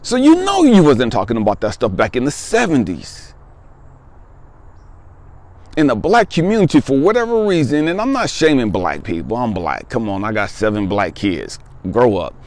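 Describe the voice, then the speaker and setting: Animated, emphatic man in his fifties. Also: mid-range voice, moderate pace, no room sound. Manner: emphatic, conversational, repeats phrases for weight. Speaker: spiritual life coach. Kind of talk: personal testimony monologue.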